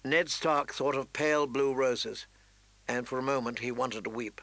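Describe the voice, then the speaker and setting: A man narrating a fantasy novel in a measured, expressive reading. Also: mid-range voice, no room sound, low-quality recording. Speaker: audiobook narrator.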